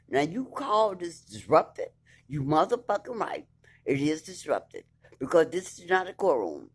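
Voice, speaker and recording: In a low, husky voice that's very animated yet normally paced, a woman vlogger tells the story of her court case. She's blunt and indignant, cursing freely and reading papers aloud in an emphatic personal account.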